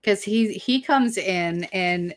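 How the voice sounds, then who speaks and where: A woman co-hosting a podcast, recapping a TV episode from her notes with animated, blunt humor. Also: medium pitch, slow. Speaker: podcast co-host. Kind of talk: casual chat recapping a TV episode.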